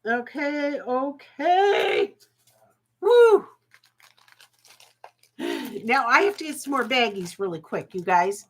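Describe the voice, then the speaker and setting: A woman's voice: a little high, animated, fairly quick, few pauses, fairly bright tone, husky. A woman hosting a live jewelry auction stream, chatty and folksy, laughing often and getting emotional.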